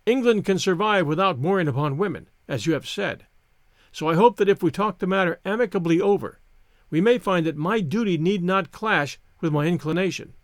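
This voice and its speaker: A man's voice: high-pitched, fairly quick, dry recording, studio quality, natural voice. A man reading an audiobook, voicing a gallant, teasing young English soldier who is smitten with his captive. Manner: playful, gallant.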